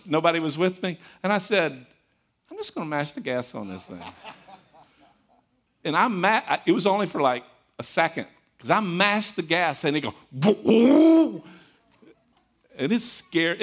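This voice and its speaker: A man preaching a sermon as a pastor, telling stories in an animated, conversational, folksy way. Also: high-pitched.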